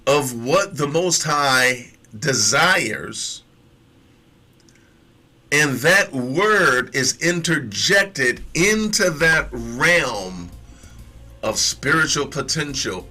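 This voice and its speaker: Slow, emphatic man teaching a sermon. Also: mid-range voice, pushed and bright. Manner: slow, emphatic, repeats phrases.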